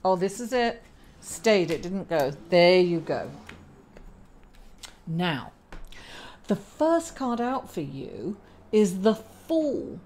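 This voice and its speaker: A woman's voice: medium pitch, darkish tone. A woman reading tarot cards in a chatty way, laughing at herself now and then. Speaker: astrologer and tarot reader. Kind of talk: casual tarot reading to camera.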